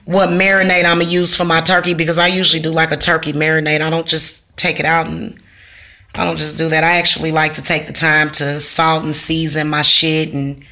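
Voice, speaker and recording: A woman's voice: low-pitched, flat delivery, a little fast, pushed and bright. A woman vlogger, talking casually and bluntly to her viewers, cursing and ranting. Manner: blunt, profane, ranting, slangy. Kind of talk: casual talk to camera.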